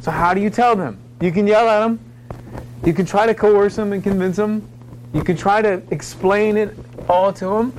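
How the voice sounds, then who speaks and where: A man's voice: high voice, steady tone, normal speed, darkish tone, a little hiss or hum, poor audio. A man preaching a sermon on evangelism, mixing casual asides and stories with passionate, urgent appeals. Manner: passionate, builds to urgent raised pleading.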